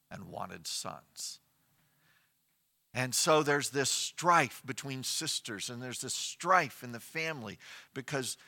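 A man delivering a sermon from the pulpit, his voice very bright and a touch higher than most men. He tells the scripture story with rhetorical questions, dropping soft and then rising for emphasis. The pace is unhurried and conversational. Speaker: pastor.

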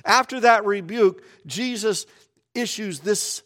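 Male preacher, a little high in pitch, animated storyteller who dips into hushed asides. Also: slow. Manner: animated storytelling, acting out scenes with sudden quiet drops. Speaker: pastor. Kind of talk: sermon.

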